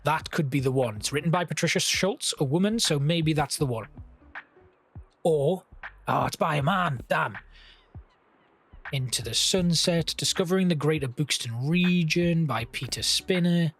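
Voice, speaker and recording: A man's voice: a little high, unhurried, a bit bright, breathy edge. A man giving casual gameplay commentary, chatting and thinking aloud as he plays and reads game text.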